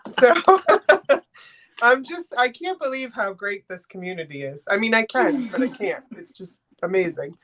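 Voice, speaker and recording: A woman's voice: fairly high pitch, animated, a little slow, fairly bright tone. A woman hosting a live online makers' sale, chatting casually and getting flustered. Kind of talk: casual live-stream auction chat.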